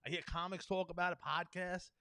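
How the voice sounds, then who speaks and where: A man rants through a loose podcast monologue in a voice pitched high for a man. He is profane and rambling, starts sentences over and laughs at his own jokes. The sound is dry and close, with no room around it. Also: level tone, brisk, bright, forceful tone, smooth, no room sound. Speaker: podcast host. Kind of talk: unscripted ranting monologue.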